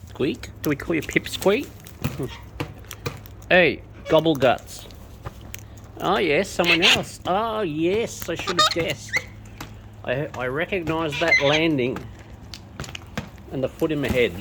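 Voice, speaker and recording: A woman's voice: low-pitched, sing-song, slow pace, vocal fry, pauses often. A woman, coaxing wild birds in sing-song baby talk as she feeds them outdoors. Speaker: bird feeder filming wild birds. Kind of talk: talking affectionately to birds while feeding. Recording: noisy outdoor recording.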